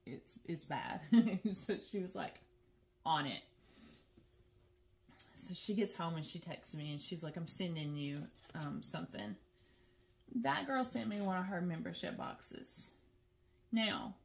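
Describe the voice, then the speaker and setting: A woman's voice: on the low side, gravelly. A middle-aged woman, chatting casually and with animation as the host of her stitching vlog. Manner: chatty and animated, laughs often, says "girl" and "y'all". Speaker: flosstube host.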